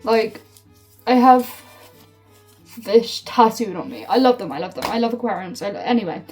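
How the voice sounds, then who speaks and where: A young woman telling a storytime vlog, swearing freely and filling her talk with "like", heated and animated. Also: fairly high pitch, normal speed. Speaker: storytime vlogger. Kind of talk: casual storytime rant. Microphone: phone. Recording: phone mic from a distance with faint music.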